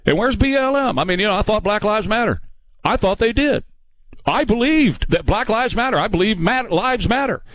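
A man's voice: high-pitched, expressive, normal speed, fairly bright tone, dry recording. An older man hosting a talk radio show, mocking and sarcastic, often laughing at his own points in a studio. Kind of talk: opinionated talk radio monologue. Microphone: studio broadcast mic.

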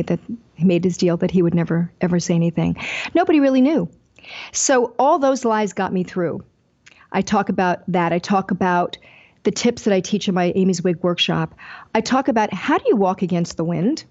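Older woman, author guest, candid and animated storyteller, mellow tone, lo-fi sound. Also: on the low side. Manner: animated, acts out quoted dialogue.

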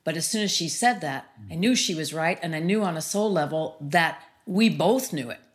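A middle-aged woman with a low voice speaks at normal speed as a guest. She is a sound healer who also hosts an interview series, and she talks earnestly and reflectively about grief, using many "you know" fillers.

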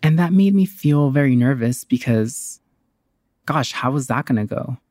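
A woman's voice: a bass voice, animated, moderate pace, mellow, no echo. Heartfelt woman telling her own story. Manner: candid, heartfelt, conversational. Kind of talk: personal storytelling.

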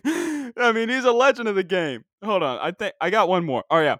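A man hosting a casual solo podcast from home, ranting in an animated, exasperated way. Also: sits high, brisk, hardly any pauses, no room sound, clean studio sound. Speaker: podcast host. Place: at home, dog nearby.

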